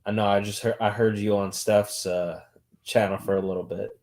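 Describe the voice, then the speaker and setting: Calm easygoing man, low voice. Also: normal speed. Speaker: podcast co-host. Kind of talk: casual sports chat.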